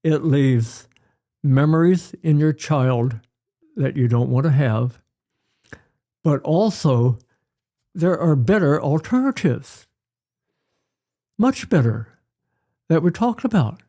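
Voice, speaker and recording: An older man, a pediatrician guest, giving parenting advice in an unhurried storytelling way. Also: fairly high pitch, lively intonation, dark tone. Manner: unhurried, storytelling, acts out examples. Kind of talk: advice-giving interview chat.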